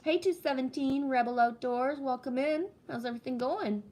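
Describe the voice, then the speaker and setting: A middle-aged woman from Canada chatting casually on a livestream, telling stories in an animated way with a lot of swearing. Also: high-pitched, normal speed. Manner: animated storytelling with heavy swearing. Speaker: livestream host.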